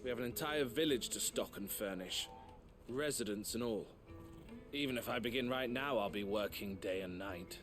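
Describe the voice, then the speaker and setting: An actor playing an earnest, dutiful young man in a video game, with a measured delivery. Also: medium pitch, lightly acted. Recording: game audio with music behind.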